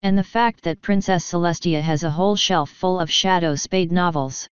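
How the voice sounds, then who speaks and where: A woman's voice: on the low side, normal speed, clear, resonant tone, no room sound, lightly acted. A woman voicing a cheerful, observant female party pony. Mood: chirpy. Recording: dull lo-fi dry recording.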